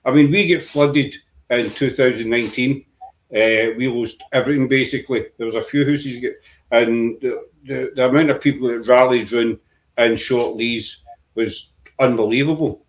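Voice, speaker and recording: Chatty Glaswegian man telling stories. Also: moderate pace. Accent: Glaswegian Scottish. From Glasgow, Scotland. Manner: rambling storyteller, lively swings in pitch. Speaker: podcast guest. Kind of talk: casual chat.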